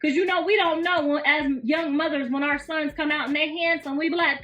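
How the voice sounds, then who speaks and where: A woman's voice: sits high, fairly even intonation, a little fast, hardly any pauses, a bit bright. Blunt, profane middle-aged woman streamer. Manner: blunt, profane, laughing gossip. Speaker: livestream host. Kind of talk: casual livestream commentary. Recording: roomy, distant, slightly muffled, faint music.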